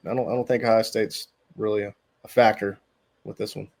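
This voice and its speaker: A man's voice: on the low side, little pitch movement, a little fast, gravelly, a little mellow. A man speaking as a guest recruiting analyst on a sports radio show, hesitant, with many ums and repeated words. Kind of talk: casual sports radio interview.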